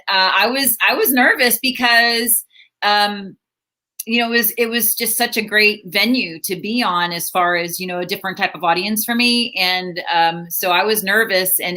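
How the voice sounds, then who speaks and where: Bright, animated middle-aged woman comic. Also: mid-range voice. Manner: animated storyteller with lots of repeats and restarts. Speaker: stand-up comedian guest. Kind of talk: casual interview chat.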